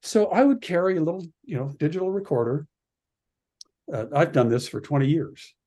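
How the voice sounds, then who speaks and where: A man from Canada, a radio producer and podcast guest, telling an animated story and acting out the voices of the people in it. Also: fairly high pitch, brisk. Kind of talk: animated anecdote in a podcast interview.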